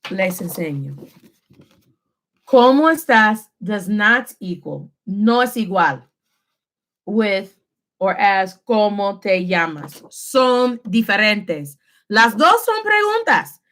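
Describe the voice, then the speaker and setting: A woman teaching a Spanish lesson, switching between English and Spanish and slowing down to stress key phrases. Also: mid-range voice, lively intonation, a bit bright. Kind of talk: classroom lesson.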